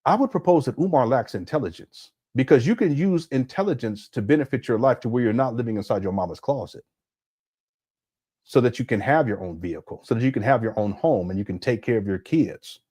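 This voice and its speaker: Animated middle-aged man on a livestream. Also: medium pitch, fairly quick, slightly rough. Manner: animated, laughing, emphatic, conversational with chat. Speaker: livestream commentary host. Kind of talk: casual livestream commentary.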